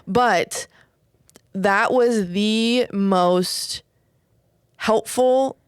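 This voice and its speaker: A woman's voice: medium pitch, drawn-out words, clean tone, no room sound, clean studio sound. A woman, telling a personal story in casual podcast chat, full of "like" and "whatever" and the odd swear. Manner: candid storytelling, frequent "like" and "whatever".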